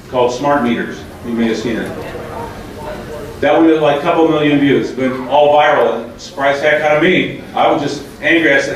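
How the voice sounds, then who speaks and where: Male speaker, emphatic and argumentative, mid-pitched voice, recorded from a distance in a very echoey hall. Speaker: public speaker. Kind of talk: talk to a live audience. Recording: echoey hall, mic far off, faint noise.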